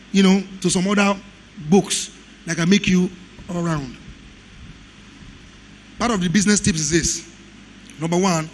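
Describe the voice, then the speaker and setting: A middle-aged Nigerian man teaching a live audio engineering seminar, animated and quick to act out other people's lines. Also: high-pitched, slight background noise, poor audio. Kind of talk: live seminar talk with anecdotes.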